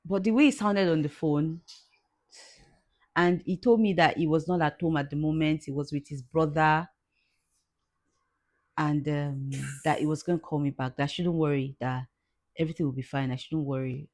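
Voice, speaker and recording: Low-voiced, tearful woman. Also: fairly even intonation, a little mellow. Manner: tearful, halting, repeats herself. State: crying at times. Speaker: vlogger. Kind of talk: emotional personal vlog.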